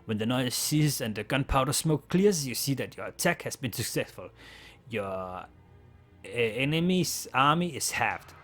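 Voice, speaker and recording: A man's voice: mid-range voice, animated, unhurried, a bit bright, soft background music. A man, not a native English speaker, reading game text aloud and chatting casually in a let's play, with a slightly sore throat.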